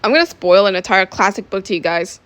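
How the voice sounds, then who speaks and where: A woman's voice: medium pitch, fast talker, a bit bright, dry recording, close to an everyday voice. Teen girl doing a cocky teenage boy, smug and teasing, class clown type.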